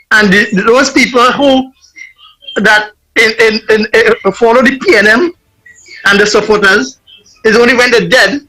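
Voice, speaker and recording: A man calling into a talk show, rambling with halting restarts. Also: sits high, pushed and bright, rough recording. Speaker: caller. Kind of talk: call-in commentary.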